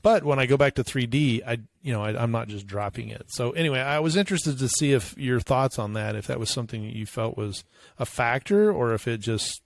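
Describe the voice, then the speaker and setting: A man's voice: medium pitch, brisk, creaky, a little hiss or hum. A man co-hosting a podcast, thinking aloud in casual chat with many fillers. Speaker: podcast co-host.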